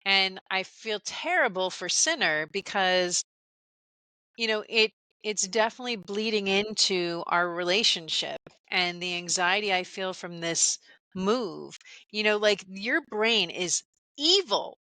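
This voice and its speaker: A woman's voice: medium pitch, measured pace, bright, forceful tone, dry recording. A middle-aged woman co-hosting a podcast, talking candidly in casual chat with stammering restarts. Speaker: podcast co-host.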